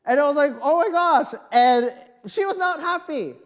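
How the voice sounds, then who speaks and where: A male pastor preaching a sermon, telling personal stories in an animated, joking way. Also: extremely high pitch, moderate pace. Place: church sanctuary. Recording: long reverb of a church hall.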